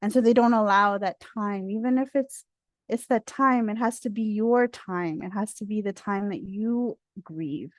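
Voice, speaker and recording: A woman from India speaking in a talkative, expressive way. She is a guest speaker in a discussion and drifts into tangents. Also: medium pitch, measured pace, no echo. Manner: talkative, expressive, easily sidetracked. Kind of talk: casual discussion.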